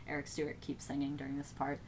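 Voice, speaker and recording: A woman's voice: very deep voice, completely flat delivery, quick pace, a little mellow, slight background noise. A woman co-hosting a comedy show, reading a fanfic aloud and breaking off to laugh and joke about it. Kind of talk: comedic dramatic reading with commentary.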